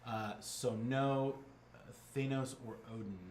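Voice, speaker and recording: A man's voice: mid-range voice, steady tone, measured pace, darkish tone, slight background noise. A man co-hosting a casual comics chat show, rambling through plot summaries with lots of fillers and restarts. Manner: rambling, many fillers and restarts, acts out quotes. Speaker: podcast co-host. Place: game store. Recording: echoey room.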